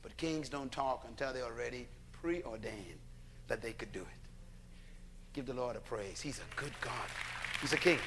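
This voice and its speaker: A man preaching a sermon to a congregation, emphatic and animated, calling for responses and now and then shouting out a line. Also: medium pitch, normal speed, some chatter behind, a little hiss or hum.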